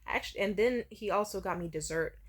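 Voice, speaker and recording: A woman's voice: medium pitch, a little fast. A young woman telling a personal story candidly in a vlog, swearing freely. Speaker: vlogger.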